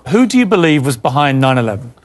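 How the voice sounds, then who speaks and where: A man's voice: mid-range voice, big pitch swings, fast. A man interviewing in an archival clip, persistently repeating his question.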